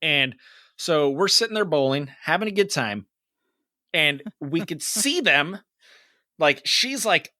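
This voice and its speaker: Animated swearing man telling a story. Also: on the high side, unhurried, no room sound, clean studio sound. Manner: animated, swearing, gets loud in quoted lines. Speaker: podcast co-host. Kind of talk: casual storytelling chat.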